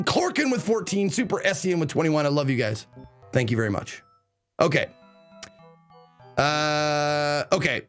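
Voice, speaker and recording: A man streaming a game live, chatting excitably, swearing casually and reading the game's text aloud. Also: fairly high pitch, a little slow, long pauses, soft background music. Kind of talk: live let's play commentary.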